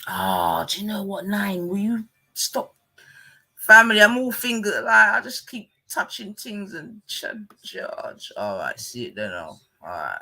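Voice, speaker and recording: A man hosts a live stream and reacts to a clip between pauses. His voice is bright and a little high. He talks in relaxed slang and trails off into muttered asides. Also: creaky. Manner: laid-back slangy chat with muttered asides. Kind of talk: casual live stream commentary.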